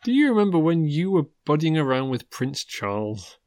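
A man's voice: a little high, big pitch swings, moderate pace, darkish tone. A man co-hosting a podcast, chatting casually and laughing often. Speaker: podcast co-host. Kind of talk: casual chat.

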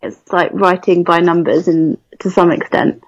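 A woman's voice: lowish voice, fairly even intonation, normal speed, no echo, muffled recording. A young adult woman from England giving frank, opinionated criticism of a novel in a casual chat. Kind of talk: casual book discussion.

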